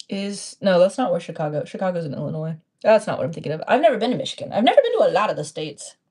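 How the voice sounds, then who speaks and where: Young texan gal doing a craft livestream, talks to herself a lot, chatty and playful, soft warm voice. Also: female voice, mid-range voice, breathy edge. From Texas. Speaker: streamer. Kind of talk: casual live-stream chat while crafting.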